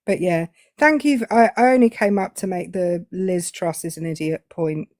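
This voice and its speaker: A woman calling in as a guest, speaking hesitantly with many pauses and fillers. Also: lowish voice, darkish tone, dry recording, studio quality. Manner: hesitant, full of fillers and restarts. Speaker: guest caller. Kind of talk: casual chat.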